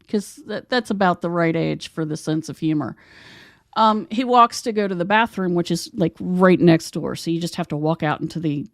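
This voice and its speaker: A woman's voice: lowish voice, vocal fry, no room sound, clean studio sound. A woman from West Virginia hosting a podcast, telling stories in a chatty, rambling way. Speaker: podcast host. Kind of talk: casual conversation.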